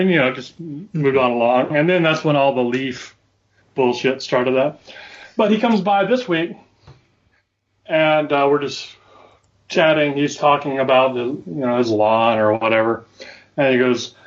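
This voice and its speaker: A man's voice: medium pitch, a little slow. A man telling a story to his co-hosts in casual chat, with dry, wry humor. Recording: dull lo-fi audio.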